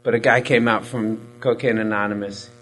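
A man's voice: on the low side, steady tone, normal speed, a bit bright, rough recording. Profane, rambling man telling his story. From Hispanic military family background. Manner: profane, rambling, self-mocking with frequent fillers. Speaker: recovery storyteller. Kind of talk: candid personal testimony.

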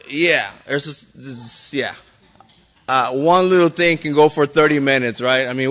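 A man at a recovery meeting tells a group his own story. He talks in a loose, easygoing way, full of "you know"s and restarts, with some mild swearing. His pitch sits in an ordinary middle range. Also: a bit bright. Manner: casual, rambling, many fillers and restarts, light swearing, laughs often.

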